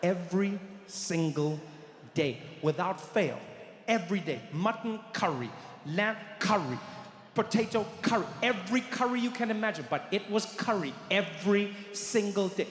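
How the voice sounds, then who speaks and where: A man with a South African accent telling an animated stand-up story on a theatre stage, acting out voices with big swings in volume. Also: high-pitched, normal speed. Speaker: stand-up comedian. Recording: echoey hall, live stand-up.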